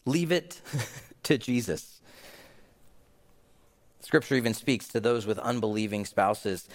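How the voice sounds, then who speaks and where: A man's voice: fairly low pitch, steady tone, takes it slowly, in a large hall. A man, a pastor, preaching an earnest, emphatic sermon in a church and closing with a prayer.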